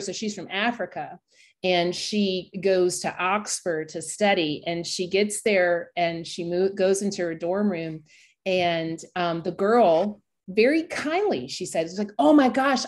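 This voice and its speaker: A woman leading a workshop discussion, retelling a story in a lively way and acting out the quoted voices. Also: medium pitch. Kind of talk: conversational storytelling.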